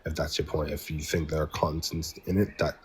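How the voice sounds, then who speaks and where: English man, debate guest, deep, stumbling repeats, faint hiss on the line. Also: little pitch movement, a little fast, low-quality recording. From England. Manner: hesitant, repeats words, interrupts. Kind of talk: heated online debate.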